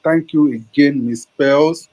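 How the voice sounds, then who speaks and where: Casting: man from Nigeria, slightly high voice, indignant rhetorical political speaker. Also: slow pace, a little mellow, slight background noise, low-quality recording. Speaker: caller in an online audio room. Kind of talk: political speech.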